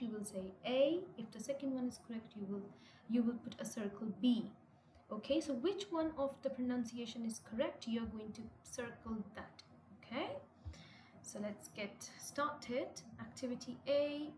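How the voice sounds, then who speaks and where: An English teacher with a slightly high voice guides learners through textbook exercises in a classroom lesson, repeating and rewording each instruction and fixing her own slips. The room is echoey, and clear noise runs underneath her voice.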